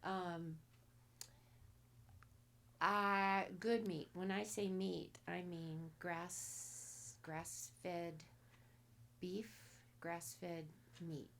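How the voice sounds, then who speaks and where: A soft-spoken woman with a lowish, gravelly voice, talking slowly as a guest on a casual podcast. She sometimes drops nearly to a whisper and gives blunt advice in short commands. Faint noise sits under the recording. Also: level tone. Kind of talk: casual interview.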